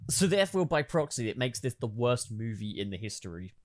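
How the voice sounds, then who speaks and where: A man's voice: mid-range voice, very animated, brisk. A man hosting a comedic script read, joking around and swearing as he reads. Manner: joking, swears, laughs a lot. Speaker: host.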